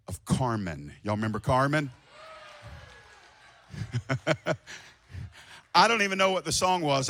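A man preaching an impassioned sermon to a congregation, swinging from shouting to hushed tones. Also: fairly high pitch. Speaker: pastor. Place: church before a congregation.

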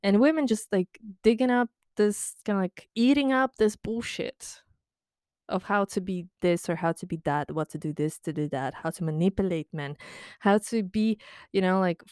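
A woman's voice: medium pitch, normal speed, darkish tone, smooth, no echo, clean studio sound. A young woman from the Baltics, talking in a casual, blunt monologue full of swearing, sarcasm and laughter. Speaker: podcast host.

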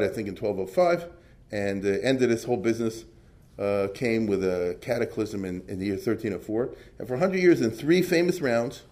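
A man lecturing on Jewish history in a loose, conversational way, often jumping up in pitch for emphasis and checking in with rhetorical questions. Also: darkish tone. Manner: asks the audience rhetorical questions. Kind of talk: informal lecture.

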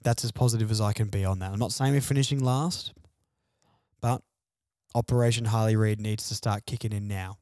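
A man's voice: on the low side, steady tone, brisk, darkish tone, no echo, clean studio sound. Frustrated man venting on football. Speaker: fan podcast host. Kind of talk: solo sports podcast rant.

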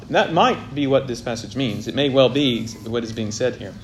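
A man preaching an expository sermon, swelling loud on key points and dropping very soft, with faint noise behind him. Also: medium pitch, expressive, a little fast, hardly any pauses.

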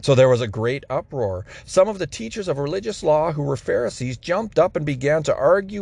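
A man reading scripture aloud at a steady, even pace. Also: on the high side, normal speed, vocal fry, few pauses. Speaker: Bible reader.

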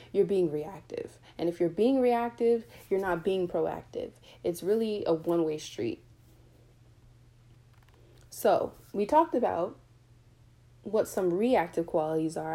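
Woman, podcast host, earnest, candid, warm low tone. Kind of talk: motivational faith podcast.

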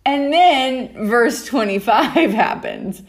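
Slow-paced woman giving a casual sermon. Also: fairly high pitch, big pitch swings. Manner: chatty, laughing, acts out the characters. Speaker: Bible teacher.

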